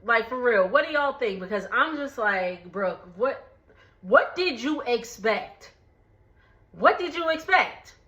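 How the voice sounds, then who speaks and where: A woman's voice: a little high, expressive, measured pace, bright, forceful tone, lo-fi sound. A woman casually recapping a reality show, chatty and laughing often.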